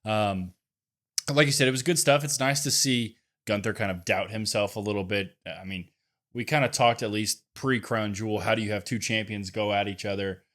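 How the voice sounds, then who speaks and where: A man's voice: on the low side, moderate pace, fairly bright tone. A man co-hosting a casual podcast, talking in an easygoing way and hedging his points with fillers. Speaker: podcast co-host.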